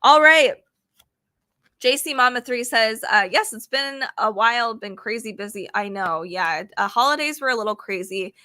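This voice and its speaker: A woman's voice: on the high side, expressive, normal speed, sharp tone, no room sound, clean studio sound. A woman hosting a casual trivia livestream, chatty and apologetic as she reads questions aloud to her chat. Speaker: livestream host running trivia games.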